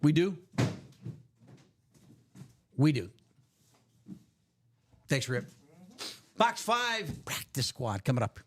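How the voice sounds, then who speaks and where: A man hosting a live card break stream, upbeat and jokey, reading out names and spots quickly. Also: fairly high pitch, big pitch swings, a bit bright, a little hiss or hum.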